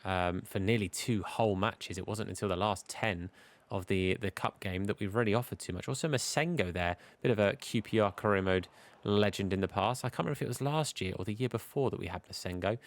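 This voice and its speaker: A man's voice: fairly low pitch, brisk. Chatty man calling his game. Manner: chatty, commentator-style play-by-play. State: hiccuping. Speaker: gaming YouTuber. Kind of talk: casual game commentary.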